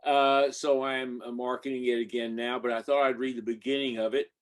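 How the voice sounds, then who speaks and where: A man's voice: medium pitch, little pitch movement, brisk. A man in his eighties or older, an author reading the opening of his book aloud, hesitant with many fillers when he talks off the page. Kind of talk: reading a memoir-style story aloud.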